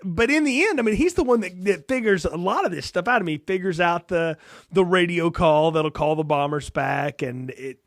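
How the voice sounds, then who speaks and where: Fields: Sex: man. Role: podcast co-host. Style: casual film review chat. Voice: high. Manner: animated, laughing, acts out lines. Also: moderate pace, no echo, clean studio sound.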